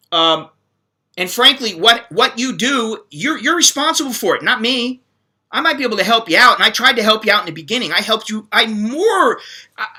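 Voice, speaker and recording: A man's voice: fairly high pitch, pushed and bright. A middle-aged man from the United States hosting a casual monologue, bluntly lecturing viewers and acting out little quoted voices. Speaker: channel host answering viewer questions.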